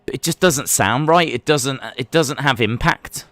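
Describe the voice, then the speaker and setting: A man hosting a live wrestling watch-along stream. He calls the action with excitement, then answers chat questions in a relaxed, rambling way. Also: medium pitch, moderate pace, no echo. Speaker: live-stream reaction host.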